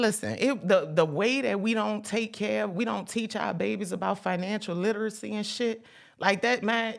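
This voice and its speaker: A woman's voice: mid-range voice, vocal fry. A woman hosting a casual spiritual talk for her viewers, chatty and emphatic, with profanity and sudden whoops. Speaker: host.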